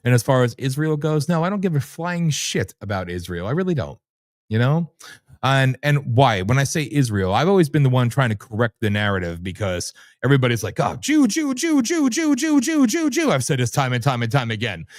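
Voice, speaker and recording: A man hosting his own stream, ranting in a loud, brash way and swearing freely. His delivery is sarcastic and animated, and his voice sits in an ordinary middle register. The sound is close and dry, with no room echo. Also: mid-range voice, fairly quick. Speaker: livestream host. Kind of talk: ranting commentary.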